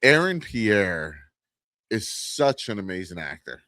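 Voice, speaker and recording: A man's voice: on the low side, sing-song, takes it slowly, bright, forceful tone, dry recording, studio quality. A man co-hosting a podcast, talking casually and emphatically, with joking asides. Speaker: podcast co-host. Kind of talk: casual review chat.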